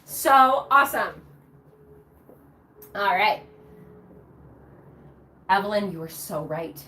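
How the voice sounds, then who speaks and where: A woman's voice: medium pitch, expressive, slow, long pauses, pushed and bright, a little hiss or hum. A woman hosting a live shopping show, bubbly and chatty, cheering during the prize wheel spins. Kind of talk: upbeat live sales presentation.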